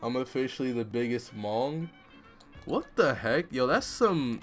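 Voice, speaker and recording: A man's voice: mid-range voice, lively intonation, a little slow, soft background music. A man commentating a live game stream, joking and self-mocking in casual street slang. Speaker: gaming streamer.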